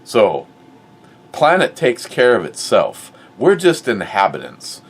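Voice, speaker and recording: A middle-aged man hosting a casual talk show, blunt and profane, swinging from muttered asides to loud outbursts. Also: mid-range voice, wildly swooping pitch, takes it slowly, slightly rough, far from the mic. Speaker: host of a review show.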